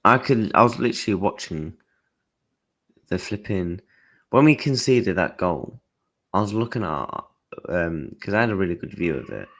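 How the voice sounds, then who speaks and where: A man's voice: deep voice, normal speed, long pauses. A young man chatting casually on a football livestream, telling stories animatedly in blunt slang with mild swearing. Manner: animated storytelling, acting out his own and others' lines.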